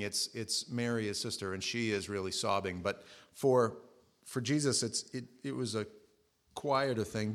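Male pastor, lowish voice, casual storytelling sermon with acted asides. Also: a bit bright. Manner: conversational, retells scripture with acted asides.

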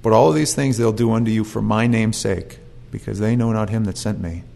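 A man's voice: fairly low pitch, steady tone, brisk, vocal fry, warm tone. A man preaching a sermon, telling the story with animation and acting out voices.

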